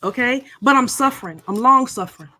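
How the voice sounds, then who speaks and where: A woman's voice: on the high side, brisk, sharp tone. A middle-aged woman hosting a casual live stream, chatting and playfully teasing viewers.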